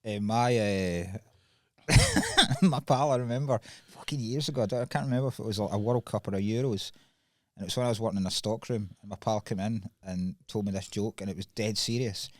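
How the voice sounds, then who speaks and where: A man telling jokes and anecdotes with a lively, swinging pitch. His voice sits mid-range and is recorded close and dry. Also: fairly quick, dry recording. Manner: animated storyteller. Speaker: podcast guest. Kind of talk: casual chat, anecdote telling.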